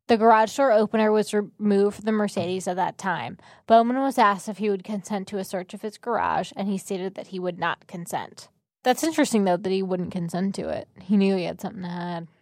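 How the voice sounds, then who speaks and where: A woman's voice: medium pitch, brisk, dry recording, studio quality. A woman co-hosting a podcast who reads court documents aloud and adds short reactions. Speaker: podcast co-host. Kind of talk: casual chat, reading documents aloud.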